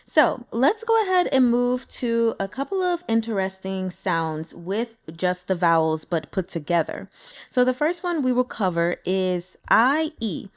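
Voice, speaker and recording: A woman's voice: a little high, animated, a little slow. A woman and native English speaker teaching pronunciation in a casual lesson, upbeat and demonstrating sounds with exaggerated examples. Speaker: language teacher.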